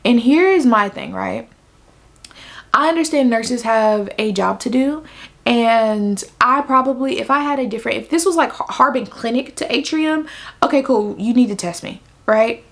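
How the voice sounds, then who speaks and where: A woman's voice: on the high side, moderate pace. A young woman telling a personal story to camera in an emphatic, venting way, repeating her points for stress. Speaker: vlogger. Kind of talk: casual storytime.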